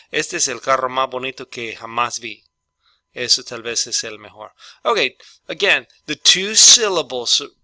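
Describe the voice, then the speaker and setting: A middle-aged man teaches English grammar with a very bright, forceful tone. He goes over each example sentence slowly and switches back and forth into Spanish to translate. The recording is close and dry, with no room sound. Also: mid-range voice, no room sound. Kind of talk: bilingual grammar lesson.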